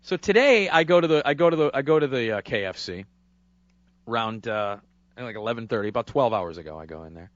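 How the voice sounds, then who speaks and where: A man from hosting a radio show, telling a rambling story in a casual, animated way. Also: mid-range voice, brisk, no echo, lo-fi sound. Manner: animated, rambling, acts out voices. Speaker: radio host. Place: radio studio.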